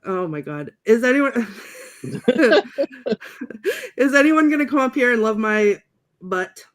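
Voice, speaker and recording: A woman's voice: on the high side, lively intonation, takes it slowly. A woman co-hosting a casual film chat, reading movie quotes aloud and laughing between them. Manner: reads quotes with light laughter. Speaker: podcast co-host.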